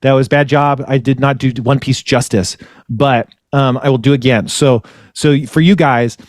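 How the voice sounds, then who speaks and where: A man's voice: mid-range voice, fairly even intonation, normal speed, no room sound, studio quality. A man hosting a podcast, retelling a story in a rambling way and correcting himself often. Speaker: podcast host. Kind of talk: casual chat.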